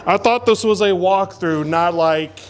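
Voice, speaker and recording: A man's voice: high-pitched, a little slow. A man vlogging his walk through a haunted attraction, jumpy and joking, out of breath. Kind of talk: casual commentary. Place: walking through a dark haunted house. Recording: loud background noise.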